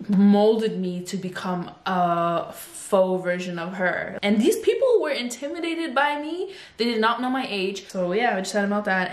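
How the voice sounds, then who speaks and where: A woman in her twenties chatting at home into a phone, telling a casual storytime in an animated way. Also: fairly low pitch, reverberant. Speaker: vlogger.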